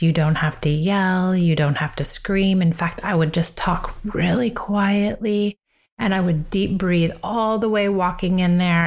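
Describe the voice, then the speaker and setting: A woman with a fairly low voice shares parenting advice on her own podcast. She sounds calm, earnest and reflective, and she slows down on the phrases she wants to land. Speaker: parenting coach and podcast host.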